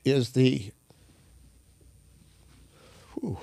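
A man who is a minister, telling stories in an animated, preaching style, often clearing his throat. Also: mid-range voice, extremely slow. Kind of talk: storytelling preaching conversation.

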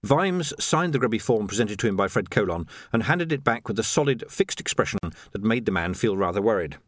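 Male audiobook narrator, expressive and measured, dry read. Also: fairly low pitch, no room sound. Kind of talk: scripted narration.

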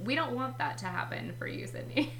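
A woman's voice: fairly high pitch, expressive, brisk, vocal fry, a bit bright. A young woman co-hosting a casual book chat, candid and self-deprecating, often giggling. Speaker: podcast co-host. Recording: echoey room with faint hum.

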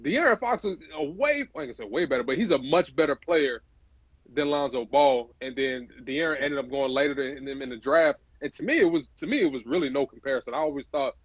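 A man's voice: medium pitch, lively intonation, brisk, breathy edge, no room sound. A man hosting a casual interview who agrees readily and often ends phrases with "man". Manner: agreeable, says man a lot. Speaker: podcast host. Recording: dry, slightly dull sound.

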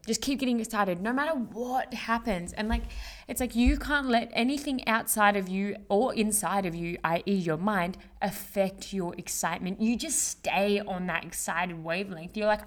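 A woman's voice: medium pitch, moderate pace. A young woman hosting a casual solo podcast, chatty and full of slang, fillers and swearing. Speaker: podcast host. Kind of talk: casual motivational monologue.

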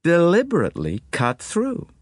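Guy doing a worried mom voice, high and all over the place, kinda agitated. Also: huge pitch swings, normal speed, dry recording, clean studio sound. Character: anxious, worried woman, mother of two boys.

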